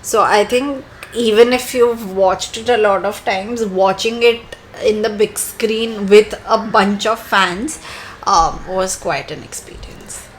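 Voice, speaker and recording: A woman's voice: mid-range voice, takes it slowly, a little hiss or hum, poor audio. A young woman co-hosting a podcast, chatting casually and laughing easily. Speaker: podcast co-host. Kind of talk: casual chat.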